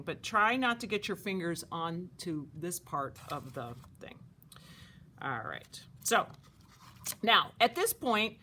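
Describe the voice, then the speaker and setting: Woman, camp art teacher, craft demo for kids, chatty and animated, sharp bright tone. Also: medium pitch, slight background noise. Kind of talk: craft demonstration for children.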